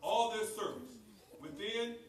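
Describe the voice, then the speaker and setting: A man reading scripture aloud during a service, in a plain, steady way. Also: sits high, unhurried, recorded from a distance. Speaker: scripture reader. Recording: roomy church recording from afar.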